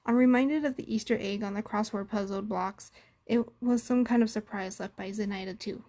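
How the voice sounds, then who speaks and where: A woman reading a game story aloud, steady with small stumbles, narrating and playing the detective. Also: mid-range voice, normal speed. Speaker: story reader.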